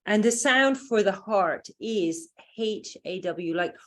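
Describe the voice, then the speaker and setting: A woman's voice: mid-range voice, animated, takes it slowly, fairly bright tone. British woman teaching a group, rambling. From England. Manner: loose, rambling explanations with fillers. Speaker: workshop teacher. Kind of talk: guided group lesson.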